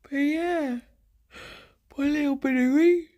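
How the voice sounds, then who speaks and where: A woman's voice: high voice, slow, mellow. A young woman chatting casually on a live stream, rambling and giggling often as she reads the chat aloud.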